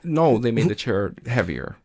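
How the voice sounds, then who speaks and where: A man co-hosting a casual podcast chat, telling stories with heavy swearing and loud bursts of laughter. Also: mid-range voice, big pitch swings, moderate pace. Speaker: podcast co-host.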